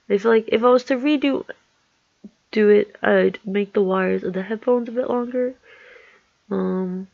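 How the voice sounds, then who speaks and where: A man's voice: sits high, vocal fry, a little mellow, no echo, lo-fi sound. A man narrating his drawing in a rambling, nervous way, full of ums and restarts, recorded on a headset mic. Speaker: artist narrating a speedpaint. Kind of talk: casual voice-over narration. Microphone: headphones with built-in mic.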